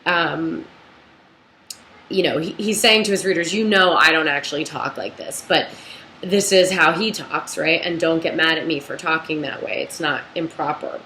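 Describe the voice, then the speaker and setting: A young adult woman teaching a literature class, talking it through in an unhurried, thoughtful way with many ums and restarts. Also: sits low, bright, forceful tone, a little hiss or hum. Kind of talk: recorded lecture with a read-aloud passage. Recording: echoey room, faint ambience.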